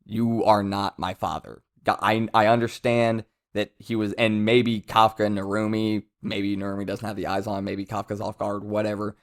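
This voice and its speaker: A man's voice: on the low side, monotone, normal speed, few pauses. A man giving casual commentary as a manga reviewer, rambling with self-interruptions and amused asides.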